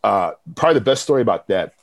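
A man's voice: lowish voice, racing, vocal fry, dry recording. A man, a professor from Texas, telling stories in a casual interview and acting out what others said. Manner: animated, quotes others in lively bursts. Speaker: professor and program director. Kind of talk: conversational interview storytelling.

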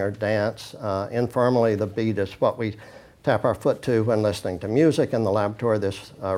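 Reading from handouts in a lowish, darkish voice, a man delivers an informal lecture. Between quoted passages he comments casually, stumbling through many fillers and restarts.

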